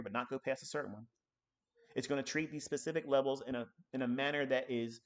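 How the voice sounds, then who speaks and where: A man teaching trading on a live stream, ranting in a profane, combative way, swinging between loud outbursts and low muttering.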